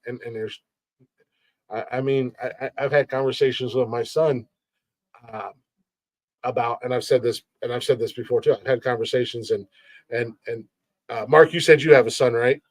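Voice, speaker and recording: A man's voice: mid-range voice, steady tone, moderate pace, a little mellow, no echo. A man hosting a podcast in casual chat, who often stammers, repeats words and laughs while he talks. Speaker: podcast host.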